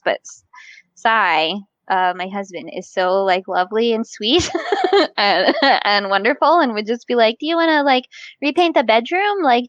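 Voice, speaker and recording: A woman guest in a casual chat, talking fast and loose with lots of "like" and frequent laughter. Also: medium pitch, a bit bright, no echo. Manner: chatty, laughs often, heavy use of "like". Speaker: podcast guest. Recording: slightly dull, dry sound.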